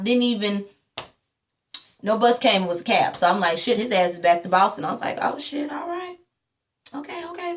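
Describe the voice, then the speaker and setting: A woman's voice: mid-range voice, a bit bright. A woman vlogger giving a casual, profane movie recap and acting out the characters' lines.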